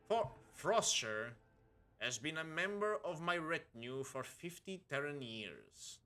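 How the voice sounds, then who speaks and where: A guy doing a dry confident space captain, bright tone, calm and assured. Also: medium pitch. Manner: dry, assured, matter-of-fact. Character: confident noble rogue trader captain.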